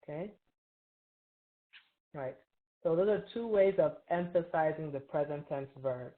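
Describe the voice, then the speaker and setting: A woman's voice: low-pitched, unhurried. A woman teaching an Arabic grammar review, patiently quizzing students and checking in with frequent "right?". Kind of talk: classroom review lesson. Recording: tinny phone-like online call.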